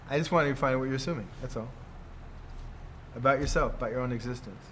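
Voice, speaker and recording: A man's voice: medium pitch, moderate pace, a bit bright, a little hiss or hum. An older man teaching in a loose, rambling way, who keeps checking in with "see?" and chuckles often. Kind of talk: casual teaching talk.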